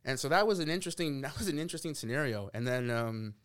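A young man from Canada telling a story in casual podcast chat, animated and laughing, acting out quotes. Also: mid-range voice, fast talker, smooth. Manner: animated, laughs often, acts out quotes, swears. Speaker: podcast guest.

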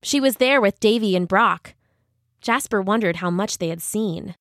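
A woman narrating a children's story in a gentle, expressive way. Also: mid-range voice, moderate pace, dry recording, studio quality.

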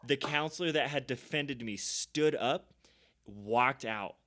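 A man's voice: mid-range voice, slow pace, sharp tone. A young man hosting a podcast and telling an easygoing, anecdotal story in a casual chat. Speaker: podcast host.

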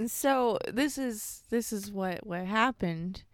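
A young woman guesting on a podcast, telling a story in an animated way and laughing easily. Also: medium pitch, takes it slowly, no echo. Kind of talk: casual chat.

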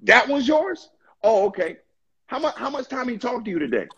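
A man voicing Satan as a taunting male figure who mocks God with sneering questions, in a husky voice. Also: very high-pitched, very animated, normal speed, a bit bright, muffled recording, voice pushed up, full character voice. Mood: mocking.

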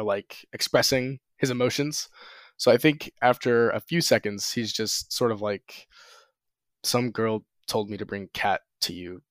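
A man's voice: mid-range voice, no echo. A man describing his character's actions in a tabletop role-playing game in a thoughtful, casual way. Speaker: player.

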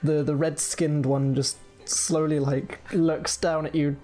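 A man's voice: on the high side, level tone, takes it slowly, mellow, soft background music. A man narrating as game master in a casual, filler-heavy way.

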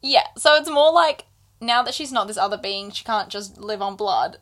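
Chatting with a friend on their book podcast, a woman with a medium-pitched voice recounts scenes from a book at normal speed. She's animated and performs the characters' lines as she goes.

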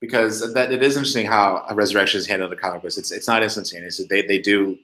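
A man co-hosting a podcast, telling stories in an animated way with many restarts. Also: fairly low pitch, fast. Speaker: podcast co-host. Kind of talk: casual chat. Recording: echoey room.

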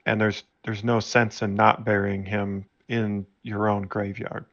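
A man's voice: fairly low pitch, level tone, measured pace, vocal fry, fairly bright tone, dull audio. A man playing a tabletop game who bluntly interrogates a character in role-play. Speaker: player.

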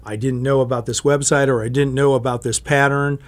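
A middle-aged man who works as a TV meteorologist chats in a casual interview, telling meandering stories and often beginning his sentences again. His voice is medium-pitched, steady in tone and brisk.

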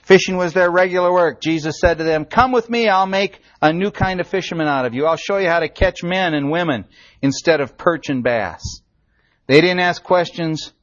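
A man preaching a sermon as pastor, earnest and impassioned, swinging from raised cries down to hushed, quiet lines. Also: on the high side, normal speed. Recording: dull lo-fi sermon recording.

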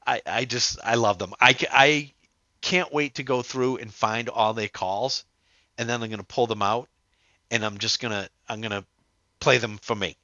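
Male podcast host in casual chat, bright tense voice, dry close sound but dull and muffled audio. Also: medium pitch, normal speed, dry recording. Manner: animated, laughing, tripping over words.

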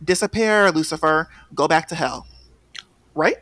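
A young man hosting a podcast, chatting about reality TV gossip in an animated, sassy way with sudden shrill outbursts. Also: a little slow. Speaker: podcast host. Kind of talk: casual gossip chat.

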